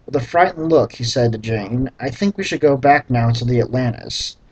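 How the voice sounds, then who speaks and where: Male reader with a husky, mid-pitched voice, drily mocking the text as he reads. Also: normal speed, rough recording. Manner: deadpan, sarcastic, profane asides. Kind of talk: sarcastic dramatic reading with commentary.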